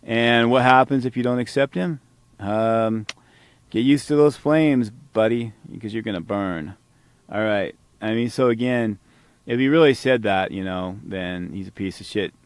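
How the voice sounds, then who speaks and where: A man's voice: fairly low pitch, a little slow, clear, resonant tone, no room sound. A man hosting a podcast, reacting to a played talk with heated, profane, sarcastic commentary. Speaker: podcast host.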